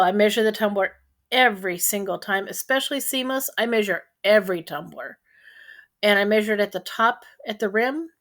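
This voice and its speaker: A woman's voice: mid-range voice, fairly bright tone. Chatty woman giving step-by-step craft instructions. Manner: chatty, checks in with "okay?". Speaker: crafting tutorial host. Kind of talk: screen-share tutorial.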